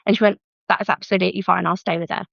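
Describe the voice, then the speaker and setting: This young British woman speaks very fast in a lowish, gravelly voice, with a British English accent, on a dry, slightly muffled close-mic recording. As a podcast guest she chats casually and lively about her birth story, re-enacting others' lines with "I was like".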